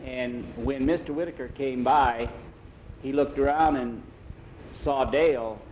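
A man's voice: medium pitch, a little slow, darkish tone, highs cut off, slight background noise. Folksy male storyteller. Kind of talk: storytelling aloud.

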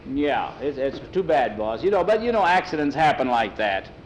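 A man's voice: medium pitch, sing-song, normal speed, a little hiss or hum, close to an everyday voice, poor audio. A man doing a sneering shifty stable hand. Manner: gruff, sneering.

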